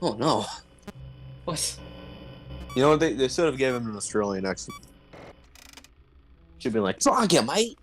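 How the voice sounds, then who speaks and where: A man's voice: mid-range voice, expressive, moderate pace, long pauses, faint music behind, rough recording. A man streaming a game with a friend, joking and laughing often as he chats. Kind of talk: casual gaming stream chat.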